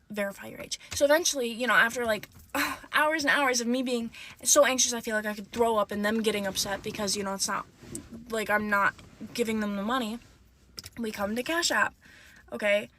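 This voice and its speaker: A woman's voice: on the high side, fairly bright tone, slight background noise. A woman telling a casual storytime from inside a car, rambling and full of "like" and "you know.".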